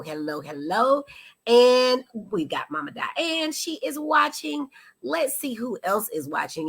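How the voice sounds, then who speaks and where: Lively chatty woman host with a husky voice. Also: fairly low pitch. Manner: animated, chatty, greeting viewers. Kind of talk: live-stream talk show. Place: studio.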